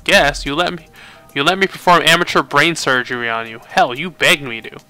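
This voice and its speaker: A man's voice: a little high, animated, brisk, pushed and bright, faint music behind. A man voicing a weary, sarcastic male tech expert in a video game, defensive and biting. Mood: bitter.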